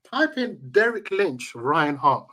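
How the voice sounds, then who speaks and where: A man's voice: a little high, big pitch swings, slow, pushed and bright. A man, a tournament organizer telling emphatic, slang-heavy stories as an interview guest. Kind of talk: casual interview storytelling.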